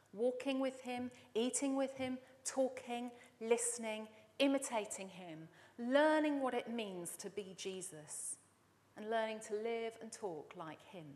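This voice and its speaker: A woman's voice: fairly high pitch, in a large hall. A woman from Dorset giving a chatty, storytelling sermon as she introduces a reading. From Dorset, England. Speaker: church speaker introducing a reading.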